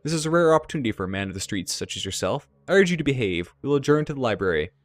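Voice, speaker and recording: A man voicing a cold, wealthy corporate father who speaks formally and in measured tones. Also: mid-range voice, big pitch swings, no echo, close to an everyday voice. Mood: icy.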